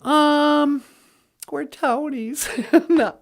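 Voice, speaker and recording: A woman's voice: high-pitched, expressive, slow. A woman co-hosting a casual vlog, teaching an Ojibwe phrase of the day in a playful, goofy way and laughing often.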